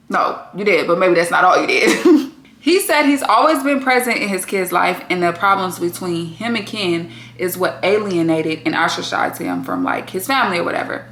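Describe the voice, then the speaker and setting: A woman's voice: medium pitch, lively intonation, normal speed, a bit bright, echoey room. A woman giving a blunt, sassy, casual recap commentary and swearing freely. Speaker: recap vlogger.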